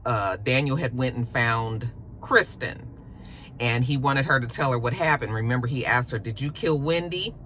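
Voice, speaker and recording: Bright, chatty TV recap host. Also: mid-range voice, moderate pace, slight background noise. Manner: chatty, colloquial, acts out quoted lines. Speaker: TV show reviewer. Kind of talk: casual recap vlog.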